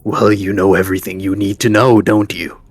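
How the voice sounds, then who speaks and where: A man's voice: fairly low pitch, level tone, moderate pace, husky. A man playing a sly wounded camp leader. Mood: teasing. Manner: chuckling, sly, teasing.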